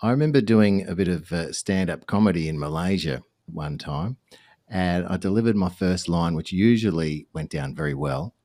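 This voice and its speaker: A man's voice: low voice, lively intonation, normal speed, dark tone. A man with an Australian accent, hosting a podcast and chatting easily with restarts. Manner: friendly, chatty, with restarts and fillers. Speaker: podcast host. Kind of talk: podcast interview, casual chat.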